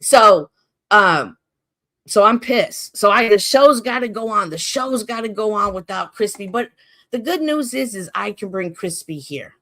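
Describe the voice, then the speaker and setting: A woman hosts her live stream and rants to her chat. She swears freely and stays heated, swinging between loud outbursts and low asides. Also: expressive, measured pace. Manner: profane, heated, talks straight to chat. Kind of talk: casual live-stream rant.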